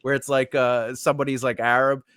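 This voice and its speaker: A man's voice: mid-range voice, fairly quick, clean tone, no echo, clean studio sound. A man hosting a podcast interview, chatting casually with a joking, rambling manner. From Sicilian heritage. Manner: jokey, rambling, lively. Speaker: podcast host.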